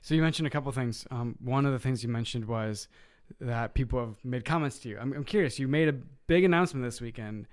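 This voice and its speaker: A man's voice: mid-range voice, fast, few pauses, clear, resonant tone. A man, an associate pastor, talking in upbeat casual chat and laughing easily.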